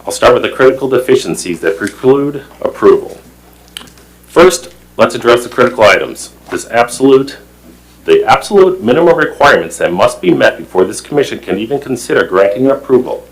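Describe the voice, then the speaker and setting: A man's voice: mid-range voice, lively intonation, a little fast, breathy edge, poor audio. A man on a town plan commission reading a prepared statement at a public meeting, formal and emphatic, stumbling over words now and then.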